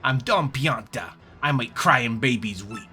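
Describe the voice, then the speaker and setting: A man's voice: medium pitch, animated, measured pace, pushed and bright, breathy edge, soft background music, exaggerated voice. A man voicing a tough-talking male gangster boss in a video game, with a shifting mob accent. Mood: menacing. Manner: tough-guy mobster drawl, shifting accent.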